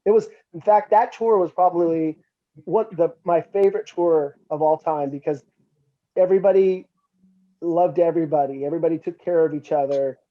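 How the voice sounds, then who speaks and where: Lo-fi sound carries a middle-aged metal musician's slightly high voice at a normal speed. Appearing as an interview guest, he tells casual stories with animation, raising his voice to act out what others told him.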